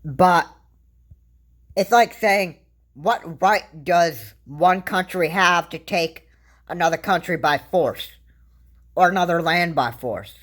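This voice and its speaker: A woman giving casual political commentary to camera, rambling and halting, restarting her sentences often. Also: lowish voice, animated. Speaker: vlogger.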